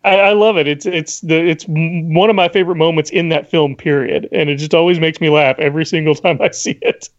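A man, a podcast guest, telling stories in an animated, casual chat. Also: fairly high pitch, fairly quick, hardly any pauses, dull audio. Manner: animated storyteller.

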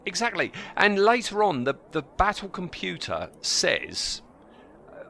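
Inquisitive man, bright and lively. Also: sits high, a little slow, creaky, a little hiss or hum. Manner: inquisitive, laughs along. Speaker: podcast co-host. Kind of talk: casual chat.

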